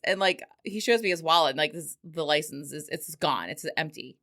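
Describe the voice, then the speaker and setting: A woman's voice: low voice, expressive, brisk, a bit bright. A middle-aged woman hosting a podcast, telling a story casually and swearing freely, with frequent laughter. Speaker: podcast host.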